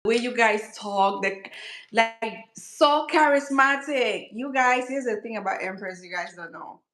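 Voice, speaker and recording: A woman's voice: on the high side, unhurried, fairly bright tone, reverberant, low-quality recording. A woman hosting a casual skincare channel chat, teasing her friend and laughing often.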